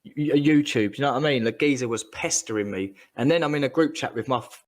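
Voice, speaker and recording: A man's voice: mid-range voice, quick pace. A man ranting in casual chat, rambling and swearing as he gets heated.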